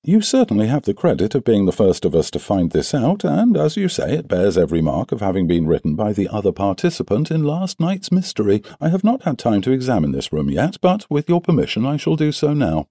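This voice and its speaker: A man voicing a brisk, sharp-minded male detective in an audiobook, asking pointed questions in a raised voice. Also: on the low side, sing-song, no echo, studio quality. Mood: polite. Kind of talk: audiobook character voice.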